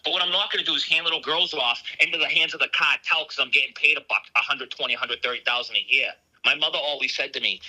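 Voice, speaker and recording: A man's voice: mid-range voice, fast, few pauses, pushed and bright, poor audio. A man with a thick Boston accent calling in to a talk show, speaking earnestly and bluntly. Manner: earnest and emphatic, working-class bluntness. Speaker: caller, border patrol agent.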